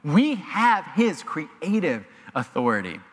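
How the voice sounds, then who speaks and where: A man preaching a sermon as pastor, animated and emphatic, in a church sanctuary with long reverb. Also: a little high, slow pace. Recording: long reverb of a large hall.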